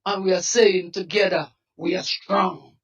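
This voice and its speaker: A man with a Dominican accent speaks out with fiery, pleading urgency, often breaking into shouts in a high register. He is heard from a short distance off the microphone. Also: steady tone, a little slow, muffled recording. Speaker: protest activist. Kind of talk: impassioned street interview. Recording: voice from some distance off the mic.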